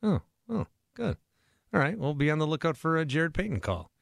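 A man hosting a sports talk radio show from a studio, chatty and quick to laugh, often restarting his sentences. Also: on the high side, sing-song, creaky, dry recording. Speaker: radio host. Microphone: studio microphone.

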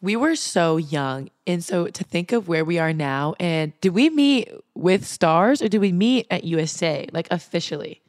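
A woman's voice: lowish voice, normal speed, hardly any pauses. A young woman in her twenties hosting a podcast, telling stories in a casual chat and laughing often. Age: 20s. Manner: laughing, animated storytelling. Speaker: podcast host.

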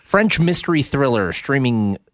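A man's voice: mid-range voice, sing-song, a little slow, no echo. A man co-hosting a radio show, chatting casually and asking easygoing questions. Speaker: radio co-host. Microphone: studio microphone.

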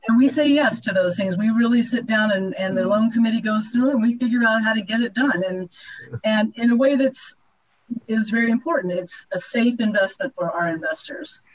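A woman's voice: a little high, fairly quick, highs cut off. A woman guest from a mortgage lender on a radio interview, upbeat and eager to help.

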